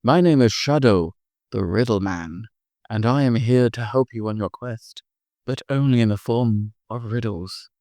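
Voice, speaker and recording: A man voicing a mysterious shadow creature who speaks in riddles, slow and solemn, in an improvised bedtime story. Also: medium pitch, dark tone, no echo, studio quality, close to an everyday voice.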